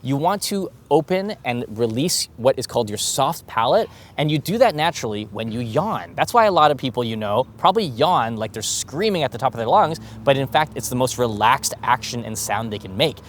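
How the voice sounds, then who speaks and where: A man coaching viewers to speak more clearly, talking to camera in an animated, demonstrative way with exaggerated enunciation. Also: medium pitch, brisk, hardly any pauses. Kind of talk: instructional talk to camera.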